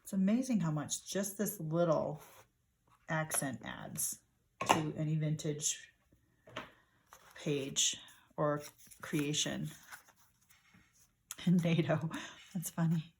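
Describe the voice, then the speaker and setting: A woman with a low-pitched voice talks through a crafting session in a soft, unhurried way, half to herself. A faint noise floor sits under the recording. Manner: soft, unhurried, talking to herself while working. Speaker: craft channel host. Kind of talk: relaxed crafting commentary.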